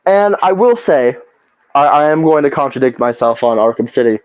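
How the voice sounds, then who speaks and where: A man co-hosting a podcast, ranting in a profane, animated way in casual chat. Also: mid-range voice, normal speed, smooth, no echo. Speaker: podcast co-host. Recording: slightly dull lo-fi podcast audio.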